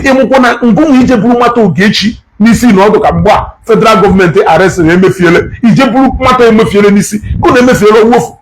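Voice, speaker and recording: A man giving heated, animated commentary, switching languages and repeating phrases for emphasis. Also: sits high, quick pace, slight background noise, low-quality recording. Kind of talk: heated social media commentary.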